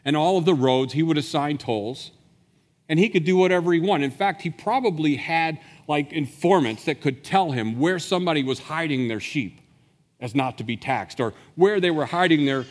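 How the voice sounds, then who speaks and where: A man preaching a sermon as a pastor, telling the story with animated energy and acting out the voices he quotes. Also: mid-range voice, big-room sound.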